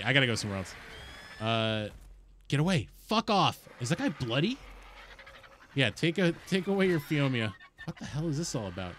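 Excitable male streamer, lively pitch. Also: a little hiss or hum. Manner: excitable, swearing, talks to creatures and chat. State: high. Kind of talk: live gameplay commentary.

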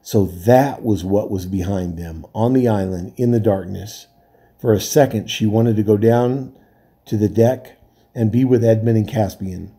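Man reading a storybook aloud, mellow, husky, calm and steady. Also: lowish voice, a little slow. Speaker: volunteer reader.

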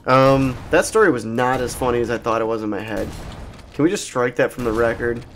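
A man's voice: medium pitch, brisk, fairly bright tone, slight background noise. Rambling, profane man narrating gameplay. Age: adult. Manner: meandering, profane, jokey storytelling. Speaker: let's play host. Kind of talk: rambling gaming commentary.

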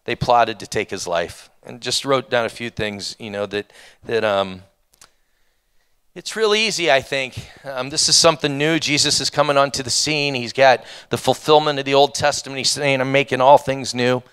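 A man preaching a conversational sermon, reading scripture passages and adding animated, wondering asides. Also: medium pitch, moderate pace, clean tone. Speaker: pastor.

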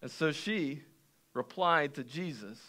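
A young adult man preaching a sermon as pastor, telling stories animatedly and swinging between quiet passages and shouted lines. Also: fairly high pitch, animated, takes it slowly. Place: church sanctuary.

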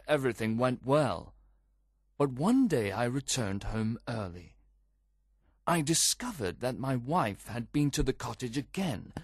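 A man giving an expressive, scripted first-person narration of a story. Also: medium pitch, breathy edge, no echo, studio quality. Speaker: audiobook reader.

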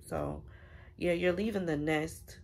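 A woman's voice: lowish voice, slow. A woman giving a casual spiritual reading, chatty and affirming, speaking straight to her viewers. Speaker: tarot reader.

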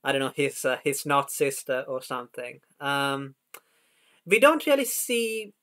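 A man's voice: mid-range voice, big pitch swings, a little slow, pushed and bright. A man in a casual anime discussion, hesitant, stammering through his questions.

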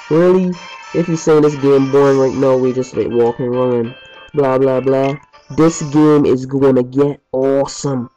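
A mellow, mid-range man's voice delivers rambling, chatty let's play commentary from a home basement, with a bit of mild swearing. The sound is muffled and lo-fi, layered over game music.

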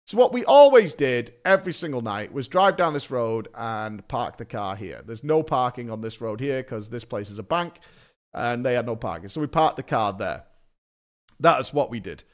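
A man's voice: medium pitch, lively intonation, normal speed. A British man streaming a game, telling a rambling story with lots of swearing. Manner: rambling, swears often, self-mocking. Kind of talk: casual storytelling while gaming.

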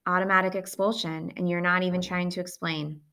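A woman's voice: lowish voice, level tone, fairly quick, fairly bright tone. A woman reading aloud, voicing a patient, kindly male school principal in an earnest, reassuring way.

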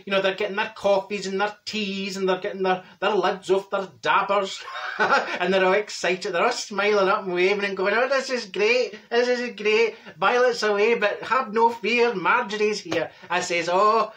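A man's voice: high voice, steady tone, normal speed, sharp tone. Man doing a Glaswegian woman, straight-talking, gossipy, bossy, comic storyteller. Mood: chatty. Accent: Glaswegian Scottish. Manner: gossipy, bossy, acts out other people's voices. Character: chatty straight-talking Glasgow woman, people person. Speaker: comedy character. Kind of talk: comedy character monologue.

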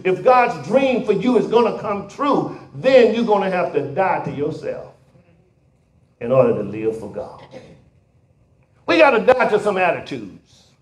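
A pastor preaching a sermon in a church, building to shouted, emphatic peaks. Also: male voice, high-pitched, big pitch swings, a little slow, pauses often. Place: church sanctuary. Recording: roomy church hall echo.

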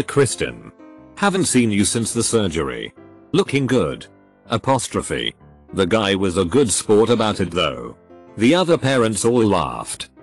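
Low-voiced man narrating reader stories. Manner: reads punctuation aloud, flat delivery. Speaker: narrator reading posts aloud.

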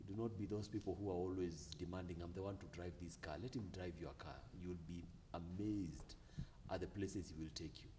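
A man hosting a relaxed Christian youth discussion, who laughs easily and slows into a drawn-out preaching cadence. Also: low-pitched, a little hiss or hum. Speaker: host.

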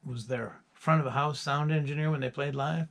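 A man's voice: a little high, steady tone, normal speed, creaky, fairly bright tone. A musician chatting casually to his viewers, rambling through stories with chuckles. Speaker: musician presenting his album.

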